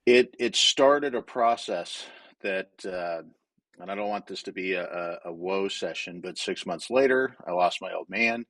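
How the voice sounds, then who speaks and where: A man's voice: low-pitched, a little slow, a bit bright, dry recording. A man from Wyoming, a guest in a casual interview, speaking candidly in a storytelling way with frequent restarts.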